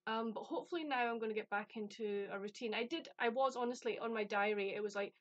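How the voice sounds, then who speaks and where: A woman's voice: fairly high pitch, fast, no echo, lo-fi sound. A woman from the UK chatting casually about a book she received, rambling and self-deprecating. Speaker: book vlogger. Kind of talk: casual chat.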